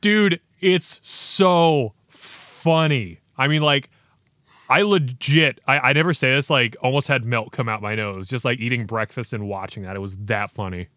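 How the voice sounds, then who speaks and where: A man's voice: medium pitch, a little slow, sharp tone, no echo, clean studio sound. A man hosting a podcast, chatting casually and enthusiastically through a beer review with slangy banter. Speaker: podcast host.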